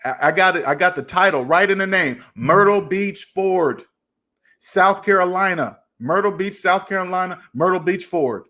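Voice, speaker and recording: A man who hosts a personal finance channel tells a story casually and with animation, his voice raised. He acts out both sides of an argument in quoted dialogue, speaking in a high voice at a moderate pace.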